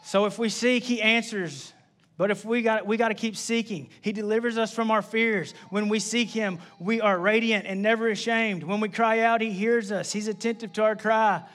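A young adult man preaching a sermon in a casual, conversational way, repeating key phrases and adding quick asides. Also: sits high, steady tone, a bit bright. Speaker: pastor.

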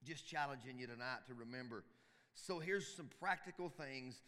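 A man's voice: mid-range voice, lively intonation, a little fast, pushed and bright. A man preaching to church volunteers in a folksy, emphatic way, often repeating his phrases. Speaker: pastor. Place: church sanctuary. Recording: long reverb of a church hall.

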